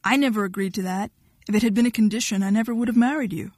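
A cold, blunt young woman with a sharp, dismissive edge to her words, as a woman reads her. It is a dry, close recording with no room sound. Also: medium pitch, racing, no room sound, close to an everyday voice.

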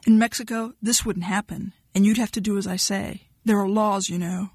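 A woman's voice: mid-range voice, steady tone, normal speed, a little mellow, breathy edge, no echo, natural voice. A pouting, whining husband who begs and scolds by turns, his voice prone to cracking, read by a woman. The sound is dry and close, with no room around it. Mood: indignant. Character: sulky, pleading husband, man.

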